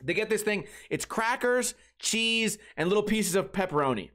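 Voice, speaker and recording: High-voiced man ranting on his podcast. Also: moderate pace. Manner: profane, rambling, animated storytelling. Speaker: podcast host. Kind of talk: casual comedic monologue.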